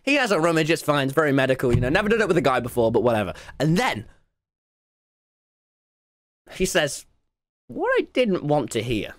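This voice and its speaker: A British man streaming, telling a story to his chat in an excitable, laughing way that breaks into shouts. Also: on the high side, brisk, pauses often, no echo.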